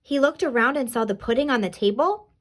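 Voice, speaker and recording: A woman reading a children's storybook aloud in an expressive, animated way. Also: high voice, fairly quick.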